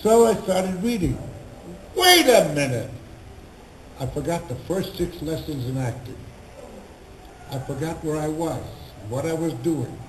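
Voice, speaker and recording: An older man, pitched a little high for his age, recounts stories with animated gusto and acts out the voices of the people he quotes. His voice carries through a roomy convention hall with a faint hum of crowd behind it. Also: normal speed. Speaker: convention panel guest. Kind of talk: anecdotal storytelling.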